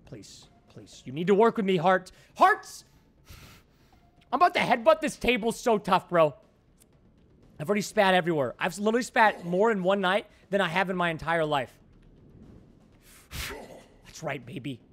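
A man with a high-pitched voice talks through a game on a casual livestream. He is excitable and jokey, and shouts when frustrated. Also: normal speed, pauses often. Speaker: gaming livestreamer. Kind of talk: casual gaming livestream commentary.

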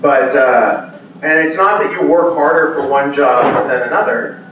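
A voice actor guest on a convention panel tells animated stories in a casual Q&A, acting out the exclamations of the people in them. His slightly high voice moves at a measured pace and is picked up from far off in a big, echoey hall, with a faint ambient hum underneath.

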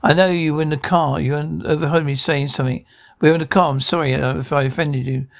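Gravelly man bickering through a sitcom scene. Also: fairly high pitch, steady tone, fast talker. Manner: bickering, flustered comic delivery with stammers and restarts. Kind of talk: one-man reenactment of a sitcom scene, voicing every part.

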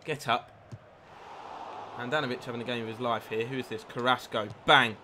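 A man live-streaming a football video game, commentating his own play, reacting loudly to chances and thanking new followers. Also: medium pitch, fairly quick, a little hiss or hum. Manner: excitable, swears at the game, reads out followers. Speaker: gaming streamer. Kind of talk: live gameplay commentary with chat.

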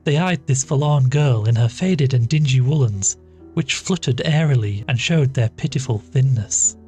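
A man reading a classic short story aloud as a podcast narrator, measured and even. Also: medium pitch. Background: faint music.

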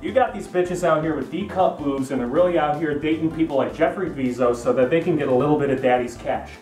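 A man's voice: a little high, brisk, darkish tone, reverberant, far from the mic, soft background music. A young man delivering a profane, rambling comedy rant, repeating himself to hammer points. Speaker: comedy vlogger.

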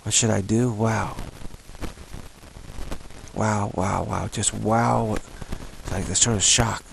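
A man leading a spoken meditation practice, repeating the same word again and again between short phrases in an unhurried, musing way. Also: fairly low pitch, fairly even intonation, vocal fry, background noise. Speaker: meditation teacher.

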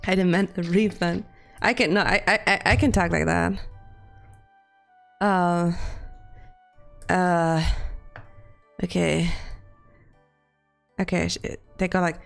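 A woman's voice: on the low side, fairly even intonation, slow, creaky, pauses often, faint music behind. A young woman livestreaming from her room at home, chatting casually, giggling often, swearing and teasing herself. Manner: giggly, swearing, playful and self-mocking. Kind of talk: casual live-stream chat. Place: home room with the window open.

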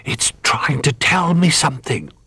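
A man voicing an excitable little toy bear in a storybook reading, with a high, eager childlike voice. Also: a little slow, husky, no room sound, full character voice. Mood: awed hush.

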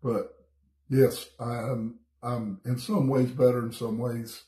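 A pastor leads a casual morning Bible study over a streaming setup, chatty and folksy, reading scripture aloud and coughing a bit because he's slightly sick. His medium-pitched voice has little pitch movement, a slow pace, and a dark tone in a reverberant space.

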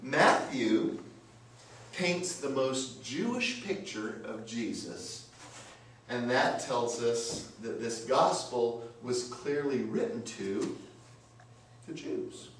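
Male pastor, sermon, emphatic, rhetorical questions, lively pitch, very echoey church, distant mic. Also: slow pace. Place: church sanctuary. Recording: very echoey church, mic from afar, faint noise.

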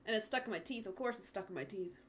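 A woman's voice: medium pitch, fast, a bit bright, a little hiss or hum. A woman streaming a game from home on a headset, chatting casually, swearing often and talking to her pets. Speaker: gaming streamer. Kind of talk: casual livestream chat.

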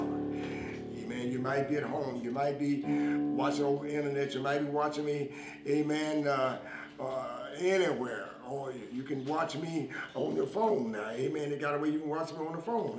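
A man's voice: on the high side, moderate pace. A man preaching a sermon with fervent emphasis and repeated call-outs to his listeners. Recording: echoey room with music behind. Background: guitar music.

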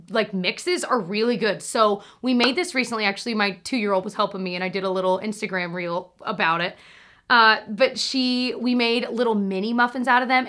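A woman's voice: medium pitch, pushed and bright. A woman in her thirties chatting casually in a vlog, bubbly and rambling, with self-deprecating asides. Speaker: vlogger. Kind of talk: casual monthly favorites chat.

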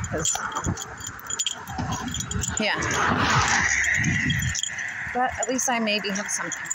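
A woman's voice: a little high, animated, a little slow, pauses often, heavy background noise. A young woman from Ohio chatting casually into her phone as she walks home, rambling and repeating herself, a little out of breath. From Ohio, United States. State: slightly out of breath from walking. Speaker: vlogger. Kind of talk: casual walking vlog chat. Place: outdoors on a neighborhood street. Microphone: phone held while walking.

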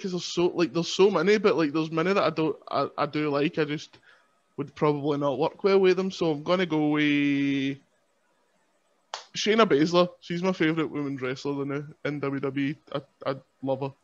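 A man's voice: fairly high pitch, moderate pace. A man with a Scottish accent chatting as a podcast guest, joking and rambling in a self-mocking way. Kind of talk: casual chat. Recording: lo-fi, dull sound.

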